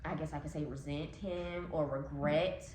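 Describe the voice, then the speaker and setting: A low-pitched woman speaks candidly and reflectively, pausing often. Her voice rings in an echoey room. A faint hiss sits behind it. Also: steady tone, a little mellow. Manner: reflective, candid, with many fillers. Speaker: podcast co-host. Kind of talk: casual faith chat.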